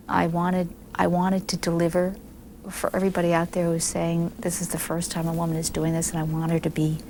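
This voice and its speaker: A woman in her fifties from the United States, candidly recalling events in an interview, animated, with frequent restarts. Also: on the low side, gravelly, slight background noise. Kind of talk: reflective interview recollection.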